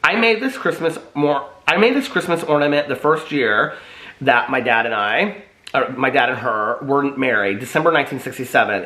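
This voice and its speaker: A man vlogging casually to his viewers, chatty and animated, often asking them if they can see what he holds up. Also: mid-range voice, moderate pace, roomy sound. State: out of breath. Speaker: vlogger showing old Christmas keepsakes. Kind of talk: casual chat to camera.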